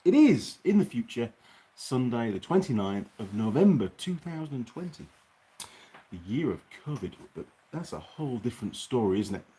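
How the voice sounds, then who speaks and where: A man's voice: mid-range voice, sing-song, moderate pace, warm tone. A man hosting a casual livestream from his workshop. He chats, reads out viewer comments and grumbles. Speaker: host.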